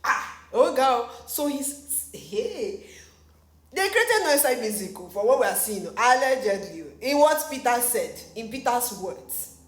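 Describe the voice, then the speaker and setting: A woman with a Nigerian accent giving casual gossip commentary as an entertainment news vlogger, animated and exclamatory, laughing often and slipping into pidgin. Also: a little high. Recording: echoey room.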